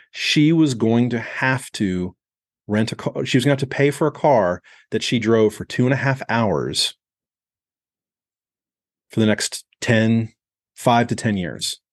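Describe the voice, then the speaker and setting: A man in his forties, a podcast host, telling a candid, reflective story in an unhurried conversational way that slows on heavy moments. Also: fairly low pitch, dry recording, studio quality.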